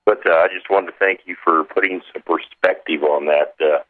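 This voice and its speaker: A man from Kansas calling in to a radio show, talking casually and haltingly with many fillers. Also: sits low, fairly even intonation. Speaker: caller. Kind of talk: call-in radio chat. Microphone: telephone. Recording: tinny phone line on radio.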